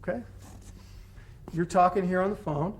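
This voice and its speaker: A man's voice: high-pitched, fairly even intonation, moderate pace, heavy background noise. A man teaching self-defense techniques to a class, giving short commands and encouragement as students practice. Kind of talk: hands-on class instruction.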